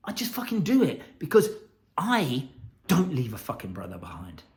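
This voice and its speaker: A man's voice: fairly high pitch, huge pitch swings, moderate pace, darkish tone. Guy ranting hard about accountability, swears constantly, voice swings up and down a lot. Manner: blunt, swearing, intense. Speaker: accountability coach. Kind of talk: profane motivational monologue.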